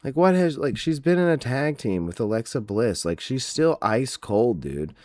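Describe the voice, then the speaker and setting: A man's voice: mid-range voice, big pitch swings, moderate pace, darkish tone, no echo, studio quality. A man hosting a podcast, recapping in a casual, mocking, profane, rambling way. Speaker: podcast host. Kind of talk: casual comedic wrestling recap.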